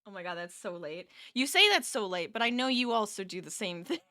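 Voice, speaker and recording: Woman, casual streamer, tired but chatty, laughs easily, crisp bright tone. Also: mid-range voice, sing-song, a little fast, dry recording, studio quality. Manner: chatty, laughs often, reads chat aloud. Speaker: crochet streamer. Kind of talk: casual live-stream chat. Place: home office.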